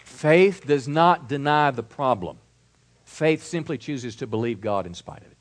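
A man preaching a sermon with a wide, lively pitch that climbs on every key point. He alternates between booming declarations and softer, conversational asides, like a pastor working a congregation. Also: a little slow. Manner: emphatic preaching, swinging between loud declarations and quiet asides.

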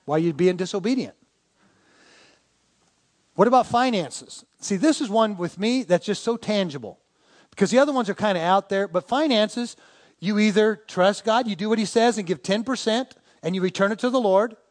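A man's voice: high-pitched, moderate pace. A man preaching a sermon to a congregation, telling stories and asking the listeners to turn to their neighbors. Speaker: pastor.

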